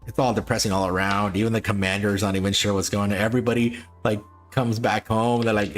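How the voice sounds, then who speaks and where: A man's voice: on the low side, a little fast, hardly any pauses, soft background music. A man hosting a livestream, chatting casually and repetitively with frequent chuckles. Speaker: livestream host.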